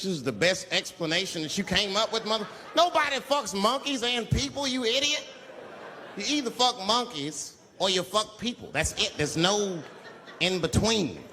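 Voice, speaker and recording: A man doing a stand-up comedy routine, telling a story in an animated way and acting out characters with shouts. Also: high-pitched. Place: comedy stage before an audience. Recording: live stand-up set with noisy room and audience ambience.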